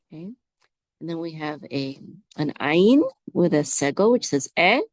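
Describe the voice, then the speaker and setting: Woman slowly sounding out hebrew letters, lowish voice, dry close sound, keeps saying "say it with me". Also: no echo. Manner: slow, drawn-out repetition, prompting listeners to say words back. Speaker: Hebrew teacher. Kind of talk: slow, patient word-by-word Hebrew lesson.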